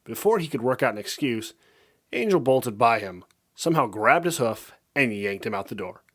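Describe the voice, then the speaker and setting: A man's voice: medium pitch, big pitch swings, moderate pace. A man reading a fan-fiction story aloud, narrating expressively.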